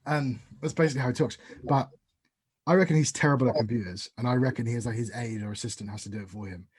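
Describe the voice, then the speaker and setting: A man hosting a comedy podcast, riffing in a rapid, deadpan way. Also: medium pitch, breathy edge. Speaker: podcast host. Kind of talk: casual comedy chat.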